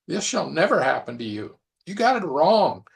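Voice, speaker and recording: A man voicing a brash, overconfident male disciple who scolds loudly and boasts of his loyalty. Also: mid-range voice, sing-song, fairly quick, gravelly. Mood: scolding.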